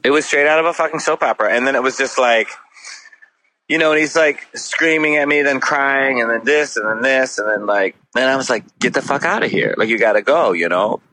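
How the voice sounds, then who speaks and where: A man's voice: mid-range voice, fairly quick, pushed and bright, slight background noise, low-quality recording. A middle-aged man from Wisconsin, a guest musician telling a story in a casual podcast chat, rambling with lots of "like" fillers and frequent swearing.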